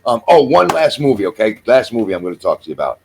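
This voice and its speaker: A man's voice: medium pitch, sing-song, fast talker, gravelly, background noise. A man in his sixties hosting a casual chat show, rambling through jokes and movie picks and swearing freely. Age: 60s. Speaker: podcast host.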